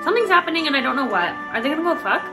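A young American woman watching a film for the first time and reacting out loud, giggly and emotional. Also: sits high, very animated, rapid-fire, over loud music. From United States. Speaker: reaction vlogger. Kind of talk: casual reaction commentary. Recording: film soundtrack playing behind.

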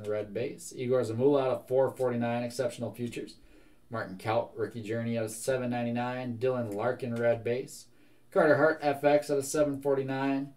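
A young man hosts a live card break, reading out trading cards one after another at a steady, brisk pace. His voice is an ordinary middle pitch, and he stays relaxed and chatty between cards.

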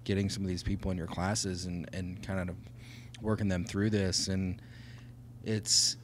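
A man's voice: low-pitched, level tone, unhurried, a little hiss or hum. A man co-hosting a podcast, talking in an earnest, reflective way and thinking aloud. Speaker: podcast co-host. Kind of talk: casual podcast conversation.

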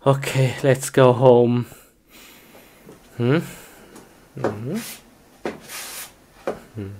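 A low-pitched woman talks very slowly in simple, slightly broken English while acting out a gamer in a comedy skit. Her pitch swoops widely, and she bursts into excited shouts. Clear background noise runs under the recording.

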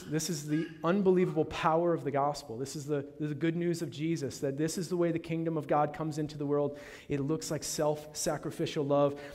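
A male pastor preaching a sermon in a dramatic way, swinging from loud proclamation down to a hushed near-whisper. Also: a little high. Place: church sanctuary. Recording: long reverb of a large church hall.

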